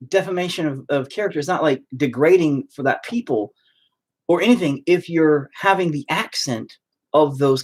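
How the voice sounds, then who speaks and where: Husky guy ranting to camera, swears a lot, voice goes all over the place. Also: on the high side. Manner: rambling, profane, stop-start. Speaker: vlogger. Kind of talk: ranting monologue.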